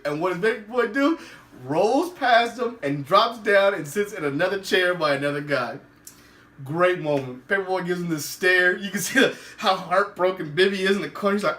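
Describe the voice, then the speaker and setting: A man with a high, bright voice chats animatedly through a TV episode recap, chuckling as he goes. He sounds roomy and set back from the mic. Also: a little fast, distant mic. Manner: animated, laughs often, acts out quotes. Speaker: podcast host.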